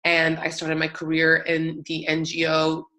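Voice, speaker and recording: A woman's voice: sits low, monotone, measured pace, bright, forceful tone. A young adult woman giving a talk, telling her own story in an earnest, emphatic way. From United States. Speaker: public speaker.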